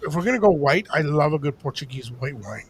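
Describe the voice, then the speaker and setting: Against a very noisy backdrop, an older male podcast co-host spins a casual story at a brisk pace, his fairly high voice animatedly imitating the people he quotes.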